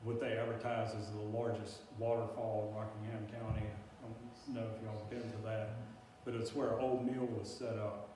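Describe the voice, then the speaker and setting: A man's voice: lowish voice, flat delivery, moderate pace, hardly any pauses, mellow. Folksy man in an echoey room. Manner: rambling, filler-heavy, folksy. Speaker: speaker giving a talk on native plants. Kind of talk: casual presentation to a local audience. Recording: echoey room, distant mic, faint hiss.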